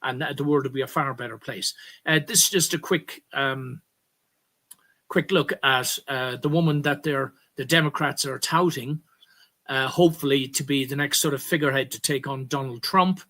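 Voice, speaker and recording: An Irish man hosts a political commentary, rambling, stopping to correct himself, and hitting key words in emphatic bursts. His voice is mid-range, bright, and forceful, at a normal speed.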